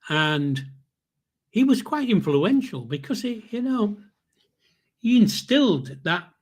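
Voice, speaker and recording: A man's voice: high voice, big pitch swings, takes it slowly. An older man hosting a podcast, telling stories in a casual, rambling way with restarts and chuckles. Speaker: podcast host. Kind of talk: casual storytelling.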